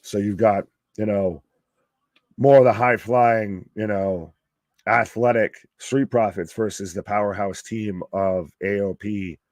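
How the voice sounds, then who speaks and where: Excitable man doing live wrestling commentary. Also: lowish voice, unhurried, dry recording. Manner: excitable, swears, pops loudly at surprises. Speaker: alternative commentary host.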